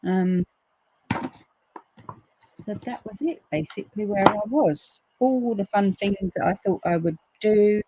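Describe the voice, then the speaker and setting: A woman hosting a live crafting stream, chatting casually and acting out quotes in a lively way. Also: slow, long pauses, a little hiss or hum, poor audio. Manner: chatty storyteller, acts out quotes with big pitch jumps. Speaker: crafting livestream host. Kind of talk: casual chat to live viewers.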